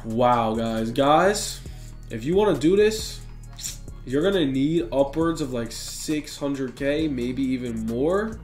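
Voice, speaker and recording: A young man giving excitable, slang-heavy commentary on a basketball video game and talking straight to his viewers. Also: mid-range voice, takes it slowly. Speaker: gaming YouTuber. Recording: echoey room with faint music.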